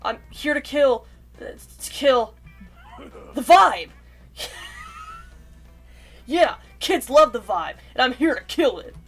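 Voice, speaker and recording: Woman playing a loud goofy masked slasher. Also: high voice, animated, slow, pauses often, soft background music, heavily acted. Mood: blustering. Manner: loud, blustering, shouting. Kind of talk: reading a visual novel aloud.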